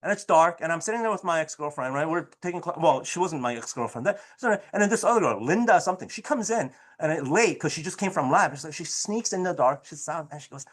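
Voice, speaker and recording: A man teaching a high school chemistry class and telling stories, with an animated delivery that keeps asking the students "right?". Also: fast, few pauses. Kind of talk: classroom lecture with storytelling.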